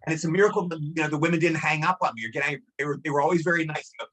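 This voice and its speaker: Fast-talking husky older man. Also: a little high, a bit bright. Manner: rambling anecdotes, repeats himself. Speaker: guest actor. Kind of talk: casual storytelling interview.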